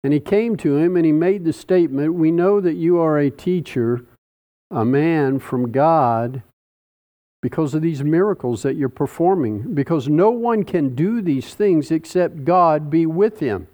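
A man preaching a sermon, teaching slowly and deliberately through a Bible passage with dramatic pauses. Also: fairly high pitch, expressive, dark tone.

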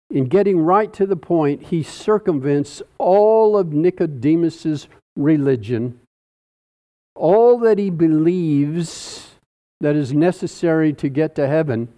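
A man preaching a sermon, teaching slowly and deliberately through a Bible passage with dramatic pauses. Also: on the high side, warm tone.

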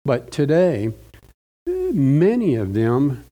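A middle-aged male preacher teaching through scripture at an unhurried, measured pace. His voice is mellow and warm, never sharp. He leans on key words to drive each point home. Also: medium pitch, wildly swooping pitch. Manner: slow, deliberate, stressing key words. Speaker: pastor. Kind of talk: sermon Bible study.

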